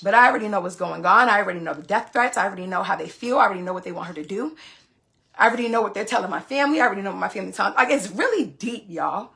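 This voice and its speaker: A woman's voice: mid-range voice, animated, rapid-fire, vocal fry, bright, forceful tone. A woman, telling a story on a phone livestream in a profane, emphatic way. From Queens, New York. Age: 20s. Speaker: live streamer.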